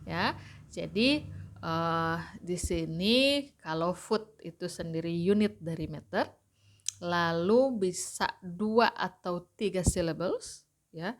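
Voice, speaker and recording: A woman lecturer with an Indonesian accent, teaching poetry at university in a mix of English and Indonesian, with many fillers. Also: fairly low pitch. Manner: slow, switches between English and Indonesian, frequent fillers.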